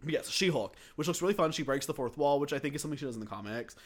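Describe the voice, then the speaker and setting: A man's voice: on the high side, very fast. A young man co-hosting a casual podcast chat, talkative and sarcastic in an offhand way. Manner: chatty and lively, with dry sarcastic asides. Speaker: podcast co-host.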